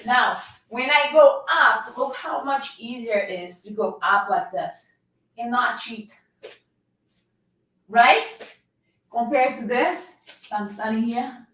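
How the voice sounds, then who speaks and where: A woman with a slightly high, somewhat bright voice leads a live workout class as a fitness coach, energetically coaxing her viewers while demonstrating a plank. She's shaking from holding the plank, and her voice sounds distant from the mic in a very echoey room.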